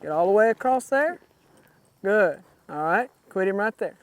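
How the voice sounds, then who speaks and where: A man's voice: high voice, animated, normal speed. A man coaching a rider through cutting-horse runs in an outdoor arena, calling out short, repeated commands.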